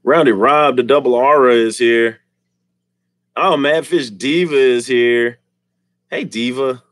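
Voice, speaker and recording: A man's voice: medium pitch, takes it slowly, a bit bright, dry recording. A man hosting a casual live stream, joking and teasing the chat and laughing often. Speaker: livestream host.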